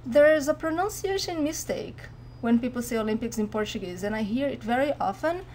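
A Brazilian woman teaching a language lesson, speaking clearly and modeling words with careful pronunciation. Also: a little high, expressive, brisk, a little mellow, slight background noise. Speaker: Portuguese teacher.

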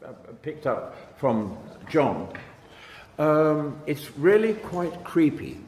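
A man, a guest on a convention panel, speaking haltingly with many pauses, in a large hall. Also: fairly high pitch, big pitch swings, darkish tone, a little hiss or hum. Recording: echoey hall with faint ambience.

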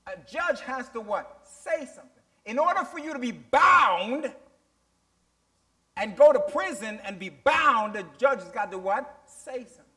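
High, bright-voiced preaching pastor. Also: male voice, animated, unhurried. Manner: call-and-response preaching, rising emphatic shouts. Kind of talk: sermon.

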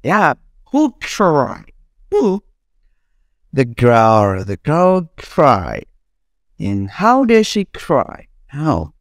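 A woman's voice: low voice, huge pitch swings, drawn-out words, pauses often, dry recording, studio quality. A young woman teacher drilling English words for children, repeating each one and laughing between examples. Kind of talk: classroom drilling lesson.

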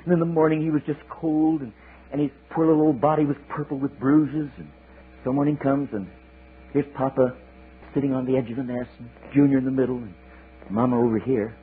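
A man preaching a sermon, telling a story in a folksy, animated way with chatty asides. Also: mid-range voice. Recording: tinny lo-fi sermon tape with hiss.

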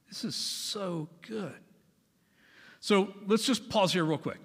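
Emphatic pastor in a reverberant hall. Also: male voice, on the high side, fairly bright tone. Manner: emphatic and conversational, with repetitions. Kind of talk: sermon. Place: church hall. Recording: long church hall reverb.

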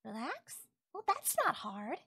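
A naive young wolf-girl, voiced by a woman in an ASMR audio role-play, asking question after question. Her voice sits high and swoops up and down, and she takes her time with every word. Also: very animated, takes it slowly, pushed and bright, breathy edge, dry recording, studio quality, exaggerated voice. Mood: soft, wondering. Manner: wondering, questioning, innocent. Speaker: voice actress.

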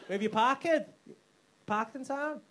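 A man with an extremely high-pitched voice does brash, sweary crowd work at a comedy club, bantering with the audience at a moderate pace. The live club recording has slight background noise and loud bursts of crowd laughter.

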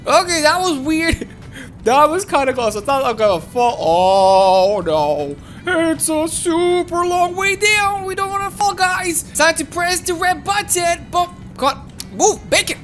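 A woman commentating her own gameplay, excitable and giggly, often talking to viewers. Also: very high voice, unhurried, a little hiss or hum. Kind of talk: playful game commentary.

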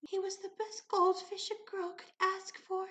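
A woman voicing a tearful, somber young female barista who speaks slowly and mournfully. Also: little pitch movement, fairly bright tone. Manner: slow, mournful, high-pitched.

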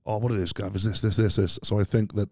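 Welsh man, very deep and dark-toned, rapid-fire rambling anecdotes, blunt and self-questioning; guest in a casual chat. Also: flat delivery, creaky, no echo, clean studio sound. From Wales. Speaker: podcast guest. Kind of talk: casual interview storytelling.

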